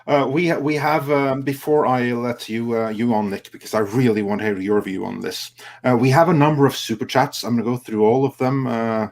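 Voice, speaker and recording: A man hosting a livestream panel, moderating in a measured way and reading out viewer super chats. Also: mid-range voice, steady tone. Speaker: show host.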